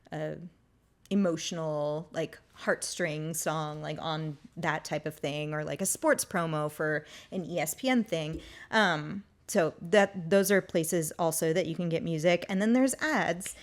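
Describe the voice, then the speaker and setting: A young woman talks as an interview guest in a loose, chatty way. Her speech is full of "like" and "um" fillers. Her voice sits a little low for a woman. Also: unhurried. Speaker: guest, music agency co-founder. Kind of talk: casual interview chat.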